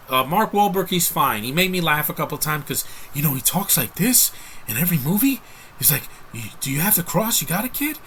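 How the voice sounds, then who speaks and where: A man's voice: mid-range voice, pushed and bright, slight background noise. A man giving a casual, rambling film review, talking frankly to his viewers with frequent restarts. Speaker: movie reviewer.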